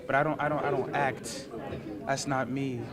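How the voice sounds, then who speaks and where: Goofy cast guy stammering, fake serious, crowd really loud. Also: medium pitch, little pitch movement, moderate pace. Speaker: film cast member. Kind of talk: casual event interview. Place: outdoor red carpet premiere.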